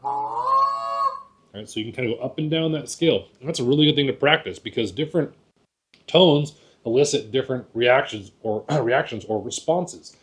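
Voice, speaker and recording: In this casual lesson, a man shows hunters how to call geese, talking folksy, saying words twice and tossing in "right?" to check they follow. His voice is mid-range and a little fast.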